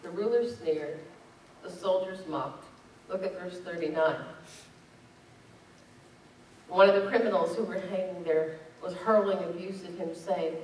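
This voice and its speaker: A woman's voice: fairly low pitch, a little mellow, a little hiss or hum. A woman pastor preaching a sermon, reading scripture aloud and driving points home with rising emphasis. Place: church sanctuary. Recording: echoey church from a distance.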